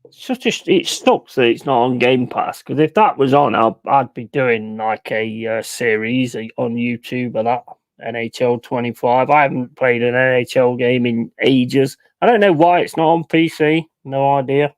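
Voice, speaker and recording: A man chatting on a live stream, cursing his way through football talk. He flips between loud, high-pitched outbursts and low muttered asides. The sound is dry and close, with no room echo. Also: moderate pace. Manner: sweary, ranting, swings between loud outbursts and mumbling asides. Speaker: streamer hosting a football watch-along. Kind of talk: casual live-stream chat.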